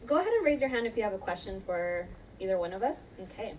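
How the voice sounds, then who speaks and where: A woman hosting a live podcast panel tells stories in a chatty way and laughs often. She sounds far from the microphone, with clear background noise. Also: mid-range voice, very animated, fast talker, a little mellow. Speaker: host.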